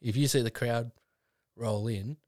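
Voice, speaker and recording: A man's voice: mid-range voice, steady tone, unhurried, a little mellow, dry recording, studio quality. A man, a comedian guest chatting casually, laughing often, swearing and retelling jokes in voices. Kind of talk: casual chat.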